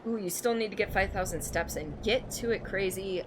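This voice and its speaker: A woman's voice: mid-range voice, normal speed, background noise. A young adult woman from Michigan, streaming a game and chatting casually with her viewers, laughing often. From Michigan, United States. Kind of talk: casual gameplay stream chat.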